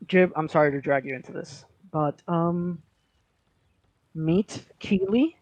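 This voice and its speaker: A man's voice: a little high, slow pace, no echo. A man voicing a stern noble knight who heads a great house, speaking in a curt, commanding way.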